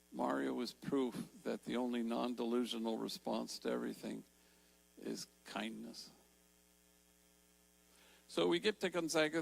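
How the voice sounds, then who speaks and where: Gravelly older man telling a story. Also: mid-range voice, rough recording. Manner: warm storytelling, slows for emphasis. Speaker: Jesuit priest and speaker. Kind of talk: storytelling talk. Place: large church.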